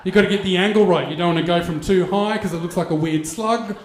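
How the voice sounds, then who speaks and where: A man's voice: high voice, fast, echoey room, a little hiss or hum. A man, doing stand-up comedy and telling a crude story with mock voices. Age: 40s. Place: stage in a venue with an audience.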